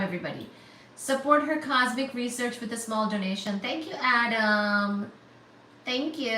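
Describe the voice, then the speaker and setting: Woman livestream host, high and bright, bubbly chat, echoey room, mic at a distance. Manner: bubbly, excitable, squealing thanks. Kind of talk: casual livestream chat reading super chats. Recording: roomy, distant, faint static hiss.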